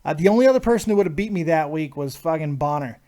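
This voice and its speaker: A man hosting a casual live talk show, talking excitably about fantasy hockey and fights and swearing freely. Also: on the high side, fast talker. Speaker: host.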